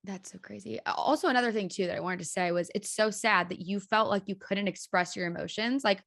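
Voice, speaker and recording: A woman's voice: mid-range voice, brisk, gravelly, fairly bright tone. A woman hosting a podcast, chatting casually and supportively with a friend, with lots of "like" in her speech. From United States. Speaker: podcast host. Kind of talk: casual chat.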